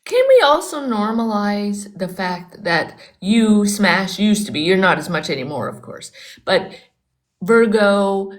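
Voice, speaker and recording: A woman joins a live stream and talks bluntly, swearing casually and laughing. Her voice sits around mid-pitch. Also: sing-song, measured pace.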